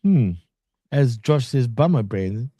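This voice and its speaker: Expressive and mellow, this medium-pitched co-host takes an unhurried approach to recapping wrestling episodes on a relaxed podcast. He laughs a lot and curses without holding back, and the recording has no echo.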